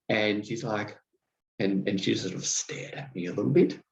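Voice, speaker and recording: A man with an Australian accent hosting a podcast, telling stories in a thoughtful, unhurried way. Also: mid-range voice, lively intonation, roomy sound, highs cut off. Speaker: podcast host. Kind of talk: reflective solo podcast talk.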